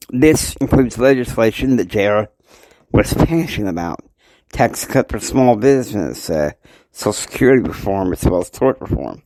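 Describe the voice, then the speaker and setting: A man telling a long improvised story in a loose, halting way, full of "you know" fillers. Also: on the low side, big pitch swings, dark tone, no room sound.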